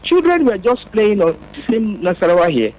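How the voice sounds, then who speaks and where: A man's voice: sits high, big pitch swings, a little fast, a little mellow, dull audio. A man from Nigeria calling in to a radio talk show, talking at length with restarts and fillers. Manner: talkative, with restarts. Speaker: caller. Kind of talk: phone-in call.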